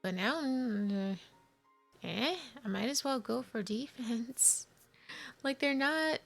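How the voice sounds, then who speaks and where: A woman's voice: fairly high pitch, takes it slowly, vocal fry. A woman casually commenting on a video game she is playing, thinking aloud and puzzling over the menus. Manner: chatty, thinking aloud, confused asides. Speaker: let's play gamer. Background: faint game music.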